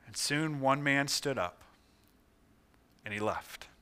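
Bright-voiced male pastor telling a dramatic story. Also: medium pitch, slow, clean tone. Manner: dramatic storytelling, swinging from hushed to loud. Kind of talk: sermon.

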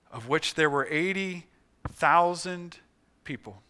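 Guy preaching, dramatic storytelling, high bright smooth voice, goes hushed then loud. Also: a little slow. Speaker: pastor. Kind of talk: sermon.

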